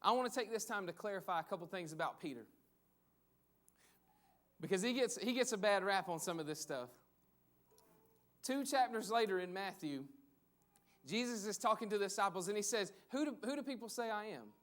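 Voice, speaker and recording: A man's voice: sits high, expressive, a little fast, long pauses, a bit bright. A man preaching a conversational sermon, repeating phrases for emphasis. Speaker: pastor.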